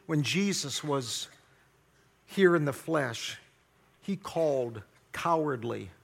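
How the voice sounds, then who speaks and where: Slow gravelly-voiced man preaching. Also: on the high side, lively intonation. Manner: earnest, emphatic teaching with rising force on key words. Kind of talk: sermon.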